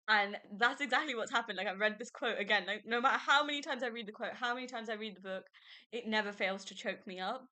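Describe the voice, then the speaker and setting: A woman's voice: fairly high pitch, pushed and bright. A young woman hosting a podcast, chatting casually and emotionally about a book she loves, often laughing. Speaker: podcast host. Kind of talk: casual book review chat.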